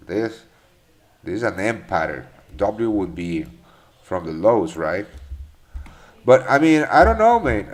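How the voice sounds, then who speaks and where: A man hosting a live trading stream, answering chat questions in a loose, profane way with many fillers and restarts. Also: sits low. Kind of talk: casual live market commentary.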